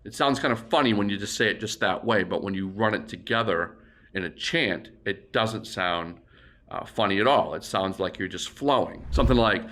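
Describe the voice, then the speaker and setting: Bright-voiced male auctioneer teaching. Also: lowish voice. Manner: explains plainly, then breaks into rapid auction bid chants. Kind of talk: instructional demonstration.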